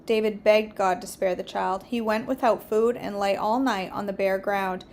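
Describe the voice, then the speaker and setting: A woman hosting a daily devotional reads scripture aloud at an average pitch for a woman. Her reading is steady and earnest, with small slips that she corrects as she goes. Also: moderate pace. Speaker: devotional host.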